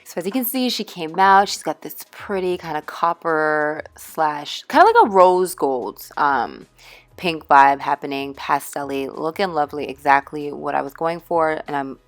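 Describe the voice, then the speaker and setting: A woman's voice: low-pitched, expressive, moderate pace. A young woman vlogging a chatty hair-dye tutorial, bubbly and playful, calling her viewers darling. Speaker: beauty vlogger.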